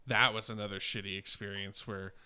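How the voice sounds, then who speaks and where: A man's voice: lowish voice, flat delivery, fairly quick, sharp tone, smooth. A man in his twenties co-hosting a podcast, telling rambling, profane stories full of fillers. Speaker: podcast co-host. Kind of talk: casual podcast chat.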